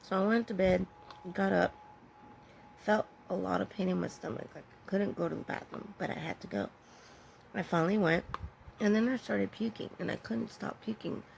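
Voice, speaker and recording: A woman telling a personal story in a candid, halting way, pausing and correcting herself as she goes. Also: medium pitch, fairly even intonation, gravelly, slight background noise, poor audio. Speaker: vlogger sharing her own story.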